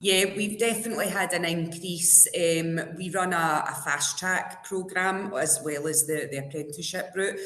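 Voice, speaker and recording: A woman's voice: on the low side, steady tone, normal speed, few pauses, a bit bright. A woman who trains hairdressers, speaking on a panel with some hesitation and restarts. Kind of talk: panel discussion. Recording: roomy hall echo.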